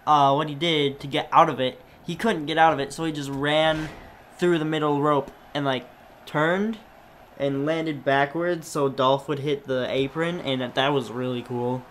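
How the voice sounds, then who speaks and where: Halting male co-host in casual chat, faint noise in the room. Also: fairly high pitch, steady tone, fairly bright tone. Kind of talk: casual wrestling review chat.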